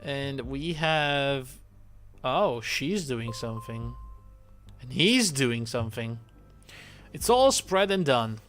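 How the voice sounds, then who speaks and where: A man's voice: medium pitch, animated, takes it slowly, fairly bright tone, faint music behind. A man streaming a game, chatting casually, thinking aloud and swearing now and then. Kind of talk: casual gameplay commentary.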